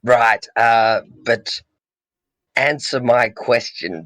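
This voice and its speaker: A man's voice: mid-range voice, slow, dry recording. A man playing a tabletop role-playing game, speaking in a hesitant, polite way. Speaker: player.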